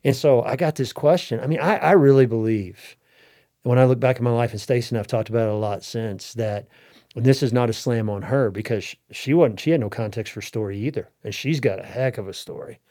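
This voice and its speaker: A middle-aged man with a warm, mellow voice shares a personal story as a podcast guest. He talks in an earnest, heartfelt way and often starts his sentences over. His pitch sits in an ordinary middle range. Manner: earnest and heartfelt, with halting restarts. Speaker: interview guest.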